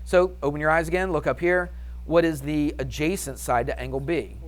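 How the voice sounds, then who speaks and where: This math teacher's voice is a little high, his intonation fairly even, and his delivery fairly quick. Upbeat and chatty during the classroom lesson, he peppers students with questions he then answers on his own.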